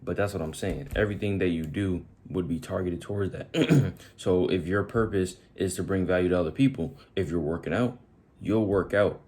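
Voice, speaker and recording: A man's voice: low voice, darkish tone. A man giving a casual motivational talk to his viewers, speaking directly to them and asking repeated questions. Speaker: motivational video host.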